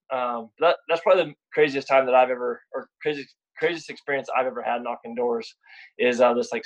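A man's voice: medium pitch, highs cut off. A young man guest talking frankly and casually about sales, often repeating words as he starts a thought. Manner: blunt, repeats words when starting sentences. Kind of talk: casual podcast chat.

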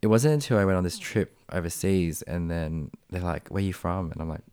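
Animated young Australian man telling stories. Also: low voice, a little fast, smooth, no echo, studio quality. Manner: animated storyteller, acts out quoted voices. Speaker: podcast co-host. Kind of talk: casual chat.

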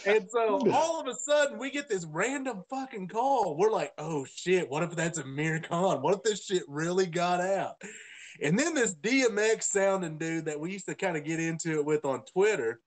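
A man's voice: high voice, expressive, moderate pace. A man, co-hosting a podcast and telling a story in casual, profane chat with a lot of laughter. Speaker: podcast co-host.

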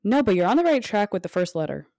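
A woman's voice: medium pitch, sing-song, quick pace, vocal fry, dark tone, no echo, clean studio sound. A woman co-hosting a casual podcast quiz, chatty and swearing freely as she coaxes with hints. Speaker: podcast co-host asking quiz questions. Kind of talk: casual chat.

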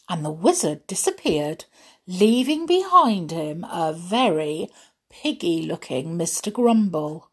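A woman reading a children's book aloud in an expressive, gently playful way. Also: fairly low pitch, unhurried, slightly rough. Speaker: storyteller.

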